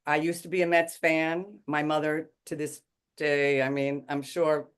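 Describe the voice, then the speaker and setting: A woman with a New York accent, a stage actress telling stories as a podcast guest in a lively, playful, theatrical way. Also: sits low, measured pace, clear, resonant tone. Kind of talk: casual podcast chat.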